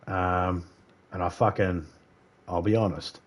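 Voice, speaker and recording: A man's voice: low voice, slow. Man with slightly slurred speech. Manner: rambling, laughs often, animated storytelling. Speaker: streamer. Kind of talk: casual chat while gaming live.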